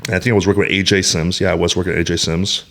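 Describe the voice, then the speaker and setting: Speaking very fast in a low, slightly bright voice with vocal fry, a man in his thirties holds forth as a podcast guest. His tone stays level while he opens up bluntly, swears freely, and talks in emphatic bursts that loop back through restarts and fillers.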